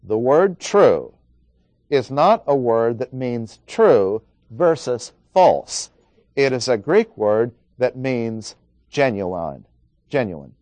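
A man's voice: mid-range voice, very animated, slow pace, a little mellow, no room sound. A man preaching an expository Bible lesson, working through numbered points and reading scripture aloud.

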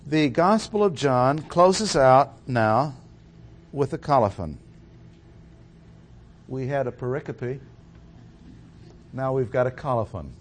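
A man preaching a verse-by-verse sermon, speaking deliberately and stressing key words, with fillers and restarts. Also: mid-range voice, expressive. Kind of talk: expository sermon.

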